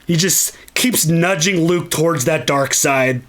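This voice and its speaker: A man hosting a solo podcast, talking casually and excitedly, swearing a lot and acting out lines from movies. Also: fairly high pitch, unhurried. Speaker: podcast host.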